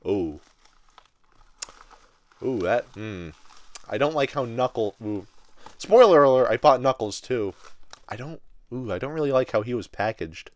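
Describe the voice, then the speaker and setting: A man of twenty rambling excitedly with many fillers while unboxing collectible figures in a casual vlog. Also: mid-range voice, measured pace, long pauses. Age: 20s. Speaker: toy reviewer.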